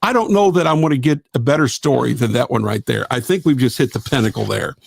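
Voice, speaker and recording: A man's voice: medium pitch, fast talker, gravelly, slightly rough, dry recording. Give me a middle-aged man hosting live, folksy and rambling, with a dry, close sound. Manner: folksy, rambling, self-deprecating, lots of fillers. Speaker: radio show host. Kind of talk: casual live-stream chat.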